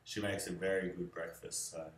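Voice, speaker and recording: A young man answering questions about his fiancée in a relaxed, rambling way, with many fillers. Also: deep voice, moderate pace, a little hiss or hum. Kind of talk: casual video answers. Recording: echoey room.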